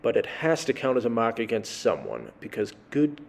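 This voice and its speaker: A man's voice: mid-range voice, huge pitch swings, moderate pace, gravelly. A man reading a scripted travel story in a dry, sardonic way. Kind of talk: scripted narration.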